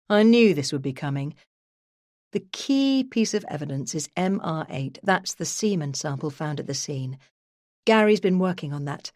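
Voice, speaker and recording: A woman with a lowish voice reads a first-person true crime audiobook in the voice of a detective. Her delivery is measured and even, close to the mic in a dry studio with no room sound. It is steady, unhurried storytelling. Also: no echo. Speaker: audiobook narrator.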